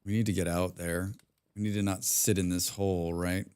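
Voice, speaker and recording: A young man commenting live on a survival game, excitable, talking to himself, humming and swearing between moves. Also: low voice, moderate pace, clean tone. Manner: excitable, talks to himself, hums and mutters while playing; swears often. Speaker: streamer.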